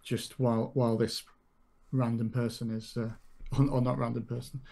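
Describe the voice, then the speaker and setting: A man's voice: mid-range voice, flat delivery, normal speed, mellow. A man playing a tabletop game, describing his moves in a hesitant, rambling way. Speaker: player.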